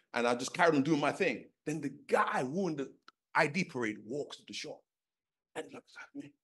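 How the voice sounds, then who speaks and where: A middle-aged man from London preaching a sermon, telling a personal story with lively acted-out dialogue and many fillers. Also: medium pitch. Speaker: pastor.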